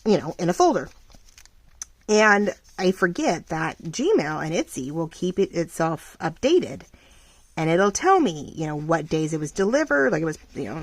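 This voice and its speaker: Middle-aged woman, chatty crafting vlog, rambling, low voice, dry close sound. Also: no room sound. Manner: chatty and rambling, many fillers, lively ups and downs. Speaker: craft vlogger and shop owner. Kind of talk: casual crafting chat.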